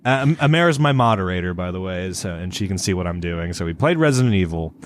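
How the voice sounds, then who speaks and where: A man's voice: deep voice, animated, fast talker, slight background noise. A man co-hosting a podcast, chatting casually in a rambling way, with lots of stumbling restarts and swearing. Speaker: podcast co-host. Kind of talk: casual chat.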